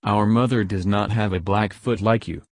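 A man's voice: on the low side, fairly even intonation, moderate pace, dry recording. A man voicing a group of frightened little goat kids who speak in a wary, defiant way in a storybook reading.

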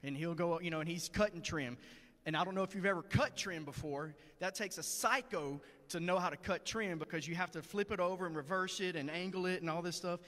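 A man preaching to a congregation, in a conversational, earnest storytelling manner. His voice sits a bit on the high side. A long reverb trails each phrase, as in a large church. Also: brisk, fairly bright tone. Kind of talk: sermon. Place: church sanctuary.

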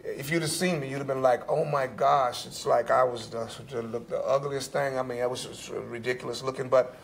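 A man's voice: mid-range voice, brisk, vocal fry, slight background noise. An older man on a panel telling a personal recovery story, acting out bits of dialogue as he goes. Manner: animated storyteller, acts out quoted dialogue.

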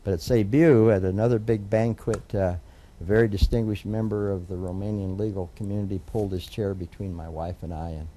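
A man's voice: fairly low pitch, steady tone, a little fast, few pauses, warm tone. An older man, a judge being interviewed, telling a long family story in a rambling way with many fillers and restarts. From United States. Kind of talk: oral history interview storytelling.

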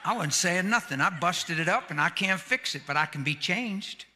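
A man preaching a sermon as a pastor, in folksy everyday grammar, swinging from loud shouts to hushed near-whispers. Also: high voice, expressive, normal speed, a little hiss or hum. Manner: plain colloquial grammar. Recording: echoey hall.

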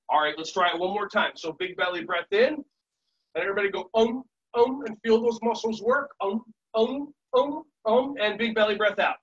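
Upbeat high-voiced man leading warm-ups. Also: breathy edge, distant mic, dull audio. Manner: upbeat, jokey, coaching the audience through breaths. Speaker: movement and relaxation instructor. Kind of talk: leading a live group warm-up. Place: conference session room.

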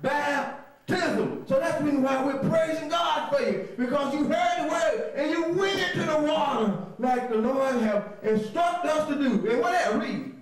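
High-voiced shouting Bible teacher, very echoey. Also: male voice, a little slow, far from the mic, crowd noise. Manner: energetic, often shouting, spells words letter by letter; laughs often, coaxing the class to repeat. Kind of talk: call-and-response Bible lesson. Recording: very echoey room.

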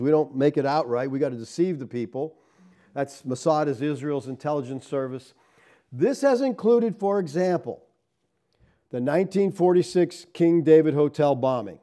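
In his sermon, a man serving as pastor speaks with energy, asking his congregation rhetorical questions. He alternates between emphatic, loud lines and quieter asides.

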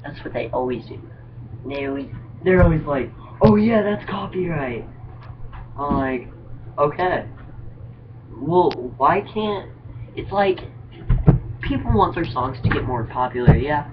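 A man's voice: mid-range voice, animated, normal speed. A man vlogging casually, telling jokes in a hesitant, rambling, self-deprecating way. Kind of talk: casual joke-telling vlog. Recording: dull lo-fi mic with clear background noise.

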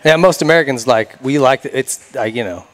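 A man's voice: mid-range voice, a little fast, fairly bright tone, long reverb tail. A man hosting a podcast, chatting casually with a teasing, joking manner and frequent laughs. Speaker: podcast host. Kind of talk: casual interview chat.

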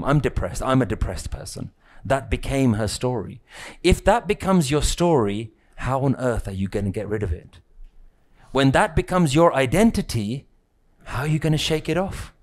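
Man, spiritual teacher, unhurried delivery, repeated phrases, rhetorical questions, mid-range voice. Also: medium pitch. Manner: slow, questioning, repetitive phrasing. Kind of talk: spiritual talk to a live group.

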